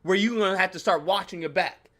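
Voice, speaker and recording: A man hosting his channel, telling a profane, animated story in a casual rant, laughing and acting out his own reactions. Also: high-pitched, fast talker. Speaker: channel host.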